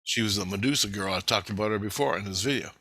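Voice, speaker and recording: A man telling a long story in a casual vlog, rambling, animated and profane. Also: lowish voice, fast talker, breathy edge, dry recording.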